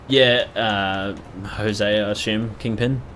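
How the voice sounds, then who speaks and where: A man's voice: lowish voice, steady tone, takes it slowly, a bit bright, a little hiss or hum. A young man chatting loosely as a gaming streamer, rambling and swearing freely. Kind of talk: casual live-stream commentary.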